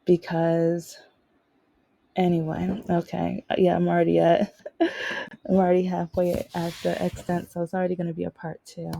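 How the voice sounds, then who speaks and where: A woman's voice: on the low side, completely flat delivery, moderate pace, gravelly, dark tone, slight background noise, low-quality recording. A woman hosting her own podcast, telling personal stories in a rambling, casual way, often restarting and quoting others. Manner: rambling, with frequent restarts and quoted dialogue. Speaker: podcast host. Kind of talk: casual storytelling monologue.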